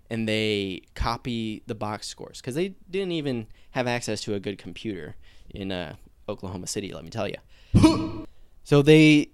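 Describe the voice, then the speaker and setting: A man hosts a podcast and tells a comic mock-historical tale, keeping it deadpan. His voice is smooth and resonant, recorded dry and close, and small fillers slip in along the way. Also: lowish voice, no room sound. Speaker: podcast host.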